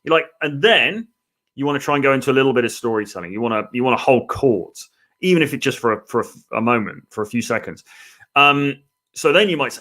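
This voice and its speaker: A man's voice: mid-range voice, animated, fast talker, fairly bright tone. An English man giving dating advice in a casual, chatty live stream, with lots of fillers. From England. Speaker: dating coach. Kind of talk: live-stream coaching talk.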